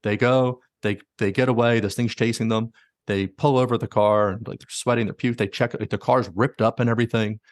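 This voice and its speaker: A man's voice: mid-range voice, fairly even intonation, fairly quick, dry recording, clean studio sound. A man hosting a podcast, casually retelling stories with many likes and quoted asides. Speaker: podcast host. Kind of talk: casual storytelling.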